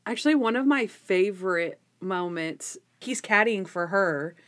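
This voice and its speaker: A woman's voice: medium pitch, expressive, measured pace, fairly bright tone. A woman chatting casually as a podcast co-host, animatedly retelling scenes from an episode and acting out the characters' lines. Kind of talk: casual chat recapping a TV episode.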